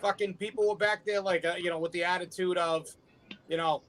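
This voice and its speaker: A man's voice: high-pitched, fairly even intonation, fairly quick, fairly bright tone. Profane rambling man telling wrestling stories. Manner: profane, rambling, stammers restarts. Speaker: wrestling podcast panelist, former manager. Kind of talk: casual chat, storytelling.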